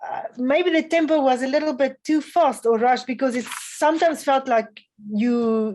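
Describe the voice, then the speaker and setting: A woman giving measured spoken feedback to young violinists as a festival adjudicator, often pausing with "um.". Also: a little high, a little mellow, poor audio. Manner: measured, instructive, frequent um fillers.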